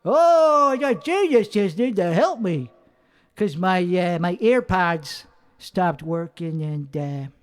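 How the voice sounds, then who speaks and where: A man with a high, bright-sitting voice rambles through a solo monologue, swearing constantly and second-guessing his own material. He speaks in a put-on accent. He is recording alone in a home studio. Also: lively intonation, takes it slowly, in a large hall. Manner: profane, rambling, self-critical. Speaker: comedian working out bits.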